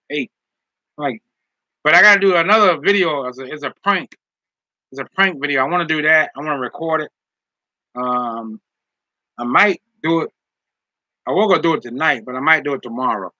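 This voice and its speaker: A man's voice: fairly high pitch, sharp tone, dry recording, lo-fi sound. A man on a casual live stream, reading chat comments aloud and teasing viewers with jokes and frequent laughter. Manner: teasing, joking, laughs often.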